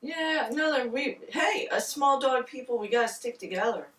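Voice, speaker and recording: Playful female podcast co-host, bright lively voice, recorded off-mic in an echoey room. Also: high-pitched, normal speed, distant mic. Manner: playful, giggly banter. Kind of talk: casual chat.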